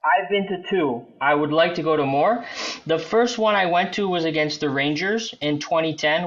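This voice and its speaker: A man's voice: a little high, moderate pace, fairly bright tone, highs cut off. A man, a superfan guest ranting profanely in casual podcast chat. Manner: profane, ranting fan banter.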